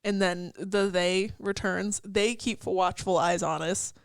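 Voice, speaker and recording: A woman's voice: fairly low pitch, fairly even intonation, slow pace, smooth, no echo. A young woman co-hosting a casual podcast, talking through song lyrics in a loose, chatty way with lots of "like" fillers, laughs and the odd swear. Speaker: podcast co-host.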